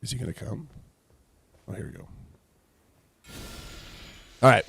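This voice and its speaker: A man's voice: on the low side, animated, unhurried, creaky, long pauses, a bit bright, slightly rough, no echo. A man hosting a morning livestream, reading scripture aloud and paraphrasing it with sarcasm while reacting to his game and thanking chat. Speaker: livestream host leading Bible study.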